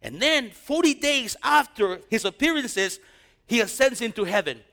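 A middle-aged male pastor from East Los Angeles delivers a sermon in a fairly high voice. He tells his story with lively swings, then drops to hushed, near-whispered tones. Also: normal speed, vocal fry, long reverb tail.

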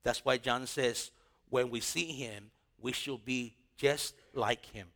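A man's voice: medium pitch, slow pace, gravelly, fairly bright tone. A man preaching a sermon in a conversational style, asking the congregation rhetorical questions. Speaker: pastor.

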